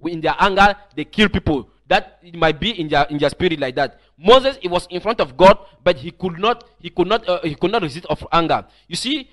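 Emphatic male preacher, slightly high voice. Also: animated, a little fast, hardly any pauses, fairly bright tone. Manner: emphatic, repeats and restarts phrases. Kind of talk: sermon teaching online.

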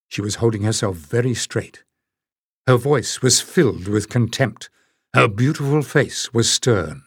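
A man narrating an audiobook in a measured, even way. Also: medium pitch, breathy edge, no room sound, studio quality. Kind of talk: scripted narration.

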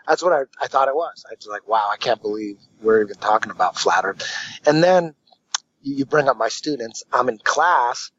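A man's voice: medium pitch, normal speed, a bit bright, dull audio. A man, a martial arts instructor, telling a long story as a guest on a casual podcast, rambling and profane with lots of restarts.

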